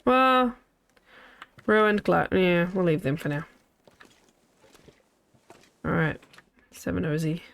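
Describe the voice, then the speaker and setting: A woman's voice: fairly low pitch, animated, slow, creaky, pauses often, fairly bright tone. A woman in her thirties streaming a video game, chatting casually with her viewers in a rambling way that trails off and restarts.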